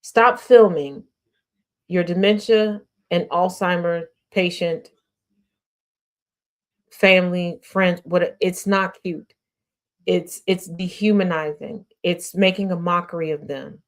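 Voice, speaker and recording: A woman's voice: fairly low pitch, steady tone, slow pace. Sassy woman dishing social media gossip. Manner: sassy, talkative, slangy and blunt. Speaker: host. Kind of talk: casual commentary on social media news.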